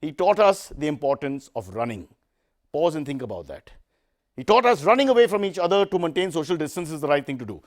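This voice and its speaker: Sarcastic comedy host. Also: male voice, fairly high pitch, sing-song, brisk. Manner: sarcastic, self-mocking, rambling asides. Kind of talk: satirical news comedy.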